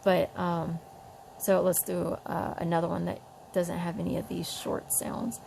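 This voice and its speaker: A woman with a low, gravelly voice explains phonics in a relaxed home tutorial. She speaks on a flat, even pitch and slows down to sound out words. A faint hiss of noise sits behind her. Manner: demonstrates sounds slowly, chatty with fillers. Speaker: parent teaching reading.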